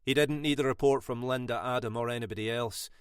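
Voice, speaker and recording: A man reading a thriller audiobook in a measured, expressive way. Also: mid-range voice, smooth, no room sound, clean studio sound. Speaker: audiobook narrator. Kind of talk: scripted narration.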